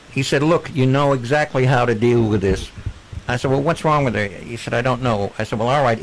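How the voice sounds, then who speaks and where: A man, a guest on a video call, earnestly telling a personal story in a gentle way. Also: medium pitch, slight background noise, poor audio.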